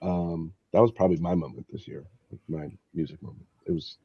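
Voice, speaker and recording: A man's voice: deep voice, steady tone, a little fast, slightly rough. A young man co-hosting a podcast in casual chat, laid-back and filling his talk with "like". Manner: laid-back, many filler likes. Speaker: podcast co-host. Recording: dull dry lo-fi mic.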